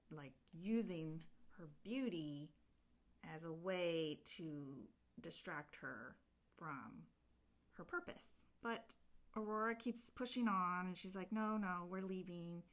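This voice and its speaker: Woman, casual vlog chat, rambling storyteller, lots of filler, slightly low voice. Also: takes it slowly, fairly bright tone. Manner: rambling storyteller, heavy use of filler 'like'. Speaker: vlogger. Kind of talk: casual chat, retelling a book while doing nails.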